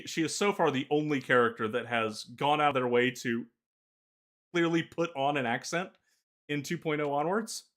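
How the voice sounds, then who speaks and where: A man in casual podcast chat who talks in stops and starts, filling gaps with pauses as he gathers his thoughts. His pitch sits in an ordinary middle range. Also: a bit bright. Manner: halting, many filler pauses. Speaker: podcast co-host.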